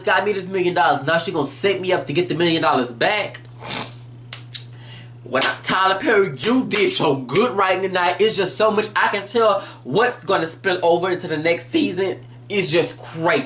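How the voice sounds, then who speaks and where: Lady doing a tv recap vlog, pretty low voice, blunt n lively, bit of background hiss. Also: normal speed. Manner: animated, blunt and profane, acts out scenes. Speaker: TV episode recap vlogger. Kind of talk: casual spoken TV recap.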